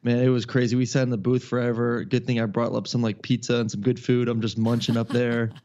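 A man's voice: mid-range voice, fast talker. Guy co-hosting a football podcast, chill and chatty, kinda muffled sound. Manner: relaxed, rambling, upbeat, says "man". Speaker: podcast co-host and football broadcaster. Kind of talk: casual sports podcast chat.

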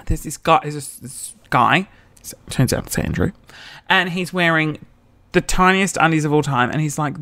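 Telling a story on his podcast, a man in his 30s keeps things chatty and pokes fun at himself, camping up the quoted characters. He speaks on the high side with a slightly bright tone.

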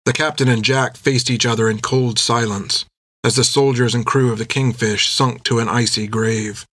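A man reading an adventure novel aloud in steady, measured scripted narration. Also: mid-range voice, no echo. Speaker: audiobook narrator.

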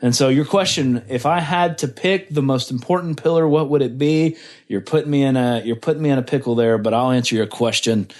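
A man's voice: medium pitch, fairly quick, darkish tone. A man hosting a faith-based recovery podcast, talking with enthusiasm and dropping in "man" and "wow". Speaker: podcast host. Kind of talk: casual podcast talk.

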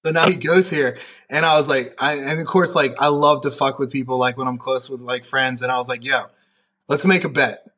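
A man's voice: medium pitch, steady tone, brisk, a bit bright. A young man, a powerlifter, telling stories on a podcast in a rambling, profane way, full of "like". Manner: profane, rambling, heavy use of "like". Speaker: podcast guest, powerlifter and referee. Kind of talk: casual podcast chat.

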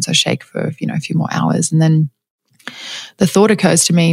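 A woman's voice: low voice, fairly even intonation, fairly quick, creaky, slightly rough, dry recording, studio quality. A woman casually telling a personal story, reflective and candid, with many fillers and restarts and light laughs. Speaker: storyteller sharing a personal spiritual experience.

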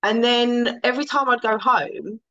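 A woman's voice: on the high side, normal speed. Storytelling woman host, slightly muffled sound. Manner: lively storytelling, swears casually. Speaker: podcast host. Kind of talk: casual interview chat.

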